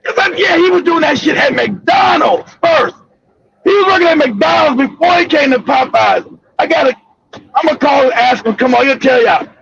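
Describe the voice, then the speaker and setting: A man telling a profane, animated story in a loud, casual way, often laughing. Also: very high voice, normal speed, vocal fry. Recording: dull lo-fi recording.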